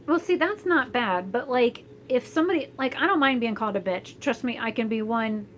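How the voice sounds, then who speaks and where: A woman's voice: on the high side, lively intonation, brisk, slight background noise, low-quality recording. A young woman from Florida in a casual, rambling chat to camera, blunt and full of fillers and restarts. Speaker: vlogger. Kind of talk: casual chat while doing hair, reading live chat. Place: home, indoors.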